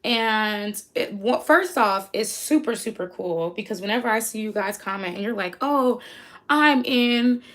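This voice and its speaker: A woman's voice: mid-range voice, normal speed, hardly any pauses, a bit bright. A young American woman hosting a casual livestream, chatty and easily sidetracked, reading her chat aloud and hyping her friends. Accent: American English. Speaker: livestream host.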